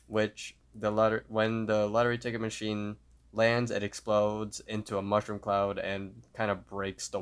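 A man's voice: fairly low pitch, clean tone. A man co-hosting a podcast, retelling a cartoon episode scene by scene in a casual way. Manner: steady play-by-play retelling with fillers. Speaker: podcast co-host.

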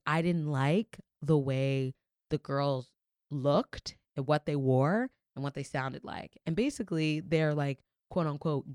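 A woman's voice: a bass voice, darkish tone, clear, resonant tone, dry recording, clean studio sound. A young woman co-hosting a casual talk show, telling a story candidly and swearing freely. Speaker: podcast co-host. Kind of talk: casual chat.

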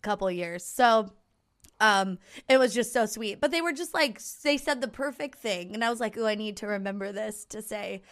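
A woman's voice: mid-range voice, moderate pace. A young adult woman co-hosting a podcast, telling stories casually and acting out what people said. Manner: chatty storyteller, animated quoting. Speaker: podcast co-host. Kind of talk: casual chat.

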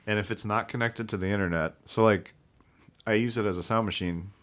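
A male musician chats as a podcast guest in a studio. He tells rambling, self-mocking stories in a fairly low voice. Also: fairly even intonation, a little fast, fairly bright tone. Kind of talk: casual chat.

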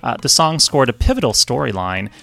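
A man's voice: medium pitch, big pitch swings, a little fast, vocal fry, pushed and bright. A man co-hosting a music podcast, presenting a chart fact in a chatty, jokey way and laughing often. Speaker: podcast co-host. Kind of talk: casual podcast chat.

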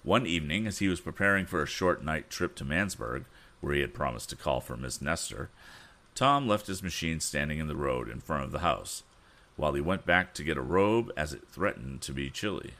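A man's voice: a bass voice, expressive, a little fast, pushed and bright. A man reading an adventure novel aloud with expression, stopping to correct his own misreadings. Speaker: audiobook reader.

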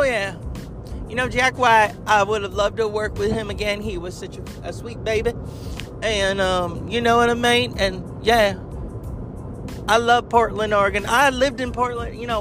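A man's voice: sits high, pitched above the performer's own voice, natural voice. A man doing an impression of a folksy older woman country singer who calls everyone honey and baby. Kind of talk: comic impression interview.

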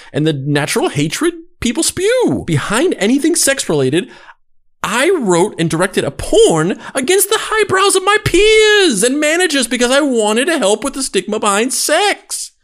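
A woman's voice: on the high side, very animated, moderate pace. A woman doing a mock dramatic reading as Legs, a male podcast persona, in an overwrought, theatrical way. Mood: mock solemn.

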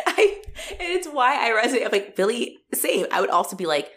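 A young woman co-hosting a casual chat about a horror movie, animated and profane, laughing often. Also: fairly high pitch, normal speed. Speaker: podcast co-host.

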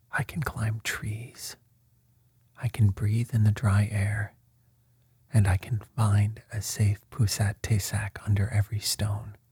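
A small, proud male crab speaks in a hushed, half-whispered hum, as a man reading a storybook puts him on. The voice sits low and warm, very breathy, and close and dry. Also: no room sound, heavily acted.

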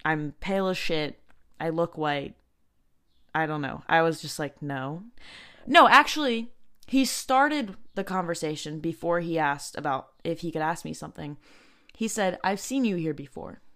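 Chatty young woman, lowish voice. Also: expressive, fairly bright tone. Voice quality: heavy use of filler "like", halting restarts. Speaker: podcast host. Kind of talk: casual storytelling.

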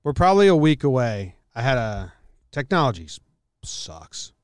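A man's voice: medium pitch, big pitch swings, moderate pace, smooth, no room sound, studio quality. A man hosting a podcast, chatting in a laid-back, rambling way and laughing often. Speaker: podcast host. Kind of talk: casual chat. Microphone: studio mic.

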